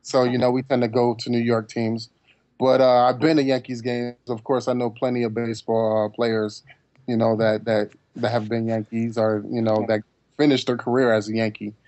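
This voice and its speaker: A man's voice: medium pitch, flat delivery, moderate pace, a little mellow, dry recording. A man from New Jersey, a podcast panelist, rambling in casual chat with lots of "you know" fillers.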